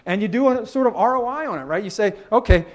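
Fast, high-voiced man giving a lively talk. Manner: animated, acts out quoted voices, laughs at own jokes. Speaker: conference speaker. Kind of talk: presentation talk.

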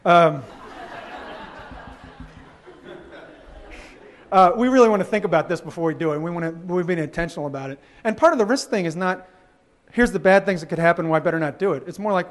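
A man giving a conference presentation, animated and joking, acting out quoted voices and laughing at his own lines. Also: sits high, normal speed, pauses often. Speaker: conference speaker. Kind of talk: presentation talk.

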